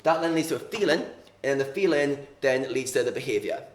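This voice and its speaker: A man's voice: medium pitch, lively intonation, fairly quick. Earnest man coaching in an echoey room. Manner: earnest, repeats key words, acts out examples. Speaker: poker mindset coach. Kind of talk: explaining a concept to viewers.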